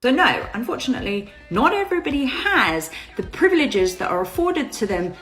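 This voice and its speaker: A woman's voice: high voice, sing-song, a little fast, a bit bright, soft background music, rough recording. A woman giving an earnest, emphatic monologue in a social media clip.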